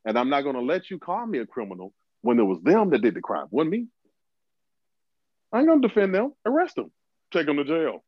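A man in casual podcast talk, pressing his argument with repetition and a very lively, swinging pitch. His mid-range voice comes through a slightly dull, dry recording. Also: fairly quick, dry recording. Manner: emphatic, argues his point with repetition. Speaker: podcast co-host. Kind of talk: casual chat.

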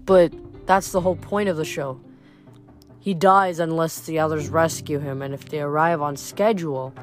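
A woman's voice: low-pitched, steady tone, moderate pace, soft background music, close to an everyday voice. A woman voicing a meek, reluctant male giant who mumbles and sighs, in an audiobook reading. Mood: glum. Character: meek, gloomy male giant twin, soft-hearted.

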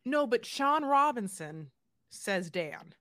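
A woman's voice: a little high, big pitch swings, slow pace, bright, forceful tone, dry recording, clean studio sound. A woman co-hosting a podcast, rambling and joking in casual chat and swearing now and then. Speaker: podcast co-host.

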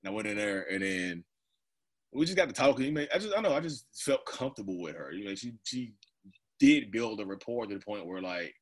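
Husky and fairly low, a man in his thirties speaks animatedly and a little fast as an interview guest. It's candid personal talk, full of rambling, frequent laughter, and acted-out remarks.

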